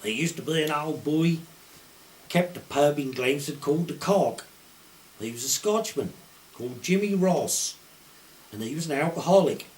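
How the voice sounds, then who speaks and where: A man's voice: a little high, lively intonation, moderate pace, long pauses, a little mellow, a little hiss or hum. Older Suffolk man spinning yarns. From Suffolk, England. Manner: broad rural dialect, acts out quoted dialogue. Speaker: retired poacher. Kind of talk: anecdotal storytelling.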